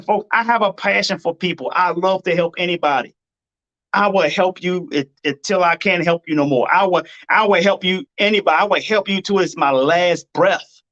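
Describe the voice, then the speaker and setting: A man's voice: high voice, a bit bright, dull audio. A man hosting a live-stream advice talk, blunt and preachy, hammering his points by repeating them. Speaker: dating advice host.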